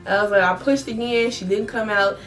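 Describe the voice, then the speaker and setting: A young woman vlogger, telling her story in a blunt, profane, animated way. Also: mid-range voice, fairly quick, soft background music. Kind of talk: casual storytelling vlog.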